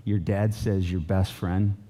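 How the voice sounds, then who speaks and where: A middle-aged man preaches in a casual, rambling way into a stage mic in a church. His voice sits low and sounds very dark and mellow. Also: flat delivery, measured pace. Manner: casual, loose, with fillers and restarts. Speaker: pastor. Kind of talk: conversational sermon. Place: church auditorium.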